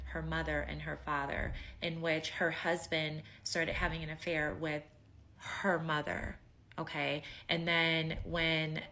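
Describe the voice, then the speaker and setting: Woman commentator, bright voice, emphatic, judging, lowish pitch. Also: a little hiss or hum. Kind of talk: reaction commentary.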